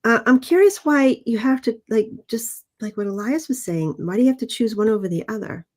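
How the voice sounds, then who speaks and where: A middle-aged woman co-hosting a livestream, giving oracle card messages in a thoughtful, gently questioning way. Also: fairly high pitch, expressive, a little fast. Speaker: co-host reading oracle cards. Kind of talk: casual livestream chat.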